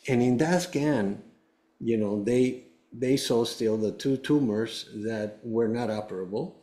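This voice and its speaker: A warm, medium-pitched male voice moves at a measured pace. The man, a cancer survivor and show guest, shares his story with the host earnestly but meanderingly, often restarting what he's saying.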